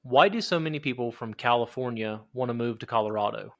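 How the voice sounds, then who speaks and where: A man's voice: mid-range voice, a little fast, a bit bright. A man with a Southern Ohio accent hosting a podcast, chatty and friendly, laughing often. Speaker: podcast host. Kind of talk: casual podcast interview.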